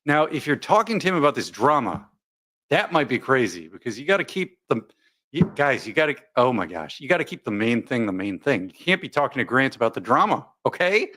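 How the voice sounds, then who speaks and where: Male streamer host, chatty and jokey, mid-pitched voice with a lively, bouncing delivery. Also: a little fast. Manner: jokey, rambling, reads viewer comments aloud. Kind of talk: casual live commentary chat.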